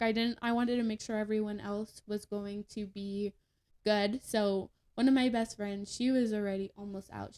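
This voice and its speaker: A young woman telling a story as a podcast guest in a casual, chatty way, with lots of fillers and laughter. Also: mid-range voice. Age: young adult.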